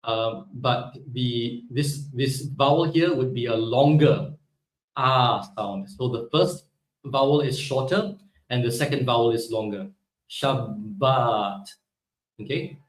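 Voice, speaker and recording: A man's voice: mid-range voice, a little slow, reverberant, poor audio. A man teaching a live online language class, explaining step by step and often checking in with "right?". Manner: explanatory, peppers speech with "right?". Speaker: Hebrew teacher.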